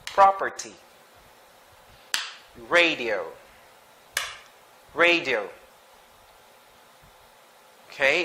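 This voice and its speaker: A man teaching English pronunciation, reading sight words slowly and twice each, with short explanations. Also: on the high side, big pitch swings, sharp tone, a little hiss or hum. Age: adult. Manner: slow and deliberate, repeats each word twice with brief explanations.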